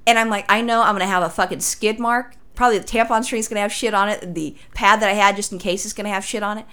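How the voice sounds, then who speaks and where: A woman's voice: mid-range voice, fairly even intonation, fast talker, bright, forceful tone, clean tone. A woman from Los Angeles telling a crude story in casual chat, swearing freely as a podcast host.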